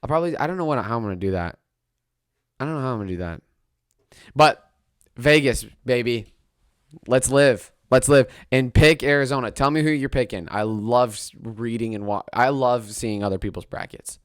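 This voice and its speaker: A young man hosting a casual solo sports podcast, rambling and excitable, often restarting his sentences. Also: medium pitch, a little fast, clear, resonant tone, dry recording, studio quality.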